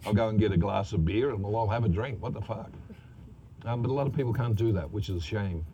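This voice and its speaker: A man with a deep, warm voice tells salty showbiz anecdotes, cursing freely and laughing at his own jokes. The recording is dull and lo-fi with a faint hiss underneath. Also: fast. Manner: profane, laughing, animated storyteller. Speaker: actor telling anecdotes. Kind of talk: casual storytelling interview.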